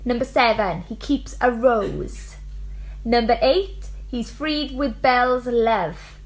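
A woman teacher reading out fairy tale quiz questions and answers, slow, clear and expressive. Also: on the high side.

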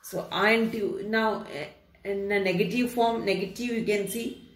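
A woman teaching a grammar lesson to students, explaining rules patiently, repeating key phrases and slowing down to read out examples. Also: mid-range voice, steady tone. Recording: echoey room.

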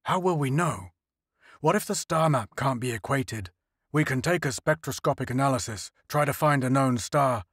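A man playing a thoughtful ship officer in an audiobook, working through ideas aloud at a middle pitch. The recording is dry. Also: moderate pace, a bit bright, no room sound, close to an everyday voice. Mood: musing.

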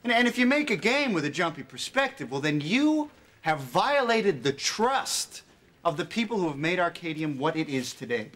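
A nervous young office trainee who stumbles over his words before gathering earnest conviction. The voice is bright and lively, moving up and down freely. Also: fairly high pitch, moderate pace, slight background noise. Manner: stammering, earnest. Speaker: executive trainee.

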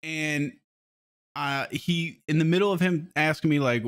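A man's voice: fairly high pitch, steady tone, measured pace, a bit bright. A man hosting a podcast, telling a story in a casual, rambling way, swearing often and laughing. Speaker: podcast host.

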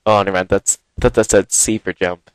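A man giving live, excitable commentary while playing a game, exclaiming and gasping often, recorded on a headset. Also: deep voice, a little fast, smooth, no echo. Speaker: gaming video host.

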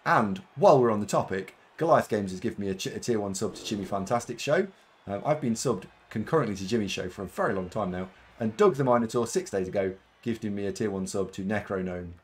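A man's voice: fairly low pitch, animated, fast, slightly rough. A man streaming a game live, chatting casually with viewers and thanking them, with lots of fillers. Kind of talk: casual live-stream chat while playing.

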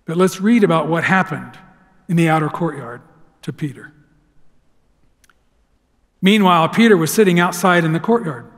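A man preaching a sermon as pastor, telling the story dramatically and swinging from loud to hushed. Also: on the high side, moderate pace, pauses often. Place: church sanctuary. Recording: long hall reverb.

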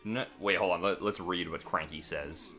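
A man's voice: deep voice, moderate pace, sharp tone, faint music behind. A man co-hosting a gaming video, reacting to a story and guiding the player in a laid-back way. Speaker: let's play co-host. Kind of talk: casual gaming commentary.

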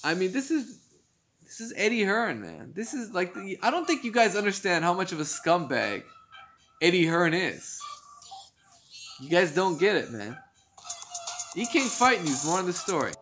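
Man, high voice, profane exasperated rant, casual commentary, faint background music. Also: very animated, normal speed, pauses often, fairly bright tone. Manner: profane, exasperated ranting with laughs. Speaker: boxing news commentator.

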